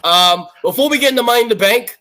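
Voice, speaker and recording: A man's voice: very high-pitched, lively intonation, quick pace, bright, forceful tone. A man hosting a podcast in casual chat, laid-back and hesitant with fillers. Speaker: podcast host.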